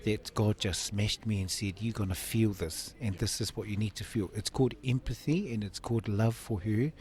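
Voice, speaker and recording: A guest in his fifties, speaking at a moderate pace in a low-leaning, slightly mellow voice, earnestly relates a personal story. He acts out the lines of dialogue within it.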